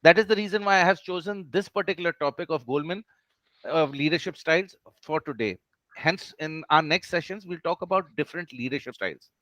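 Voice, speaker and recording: A man's voice: fairly high pitch, fairly quick, fairly bright tone, no echo. A man teaching an online class over a video call, who explains each point patiently and keeps checking that his students follow.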